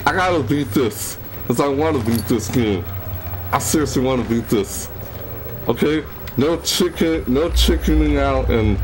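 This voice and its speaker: A young man narrating a horror game as he plays, scared and jittery, talking to himself and yelping at sudden noises. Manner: jumps into high yelps when startled. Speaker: gaming YouTuber. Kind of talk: horror game let's play commentary. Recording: steady background noise.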